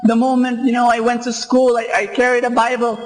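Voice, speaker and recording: High-voiced Filipino preacher. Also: male voice, completely flat delivery, low-quality recording. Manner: earnest storytelling, slowing down for emphasis. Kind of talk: sermon. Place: church or radio broadcast.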